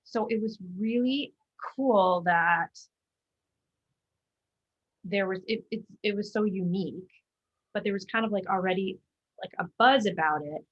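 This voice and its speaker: A woman's voice: mid-range voice, measured pace, pauses often, husky, dull audio. A woman guest on an interview show, talking casually about her theater work, chatty and full of fillers and restarts. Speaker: guest, musical theater actor.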